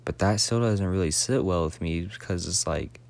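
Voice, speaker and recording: A man's voice: sits low, normal speed, gravelly, darkish tone. A young man in his late teens telling a rambling, profane story in a casual, slangy way, sometimes dropping to a whisper.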